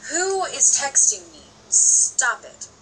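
A woman's voice: sits high, sing-song, slow, crowd noise, poor audio. A woman recording voice-acting lines at home, muttering self-deprecating remarks between takes. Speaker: amateur voice actor. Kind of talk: recording session outtakes.

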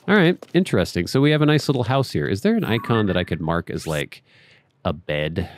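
A man's voice: lowish voice, big pitch swings, a little fast. A man hosting a let's play, chatting casually through his gameplay and talking to the game characters and his viewers.

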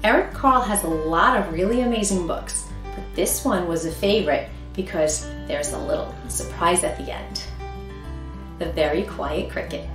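A middle-aged woman leading a toddler storytime at the library, talking in a slow, deliberate, sing-song way as she reads aloud. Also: on the low side, far from the mic, music in the background. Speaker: children's librarian. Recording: roomy echo.

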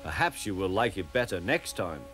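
A man's voice: deep voice, sing-song, normal speed, fairly bright tone, faint music behind. A man voicing a smug, boastful big male engine in a children's cartoon, teasing and chuckling. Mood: gloating.

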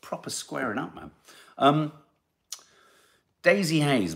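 A middle-aged man hosting a podcast, reading out listener comments and telling rambling, animated stories. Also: fairly low pitch, moderate pace. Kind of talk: casual chat.

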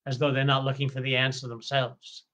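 Male priest teaching scripture, measured and deliberate, bright clear tone, leans on key words. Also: medium pitch, flat delivery. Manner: slow, deliberate explanation with stretched emphasis on key words; occasional stumbles and self-corrections. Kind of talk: scripture study lecture.

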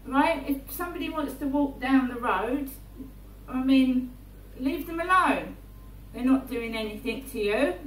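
A woman, rambling through a personal monologue in her flat and often checking in with "right?". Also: high-pitched, normal speed. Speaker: vlogger. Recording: roomy, distant mic, faint hum.

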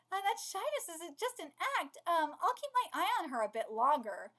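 A woman reading a manga aloud on a live stream and reacting to it, often breaking off to laugh, shout and swear in disbelief. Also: very high voice, sing-song, moderate pace, hardly any pauses. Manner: reads panels aloud, then breaks in with loud laughing exclamations.

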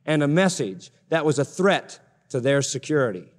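A man's voice: fairly high pitch, big pitch swings, normal speed, long reverb tail. A male pastor preaching a sermon emphatically, stressing his points with repeated parallel phrases.

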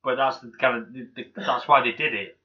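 A man's voice: mid-range voice, fairly even intonation, fairly quick. A man co-hosting a casual film podcast, rambling with lots of fillers and restarts and swearing freely. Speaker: podcast co-host. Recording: dull lo-fi podcast audio.

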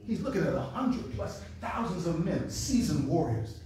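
A man preaching at a revival, telling Bible stories in a lively, conversational way and acting out the voices of the people in them. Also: fairly high pitch, normal speed, hardly any pauses. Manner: animated storytelling with acted-out voices, says "man" often. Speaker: pastor. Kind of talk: revival sermon. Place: church sanctuary. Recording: echoey room from a distance.

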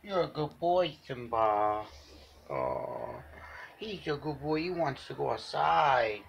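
Gravelly man cooing to his cat. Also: mid-range voice, very animated, slow pace, dull audio, slight background noise. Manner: doting, coos baby talk to his cat. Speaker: cat owner filming his pet. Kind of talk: casual home video. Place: home, indoors by a door.

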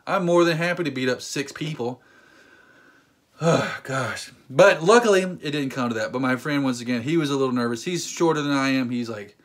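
A man's voice: mid-range voice, normal speed. A man in his thirties telling a story in a casual vlog, joking and acting out voices. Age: 30s. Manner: animated, acts out voices, joking rants. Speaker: vlogger.

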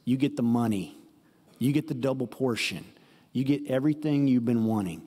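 A man's voice: mid-range voice, normal speed, mellow, husky, close to an everyday voice. A man voicing an old, blind, dying father who talks in a plain, folksy way. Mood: urging.

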